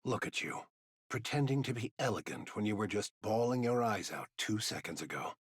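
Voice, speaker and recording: A man's voice: lowish voice, lively intonation, moderate pace, slightly rough, no room sound. An actor playing an aging male commander in a game, with a dry, teasing way of talking. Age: older. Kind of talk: game voice acting.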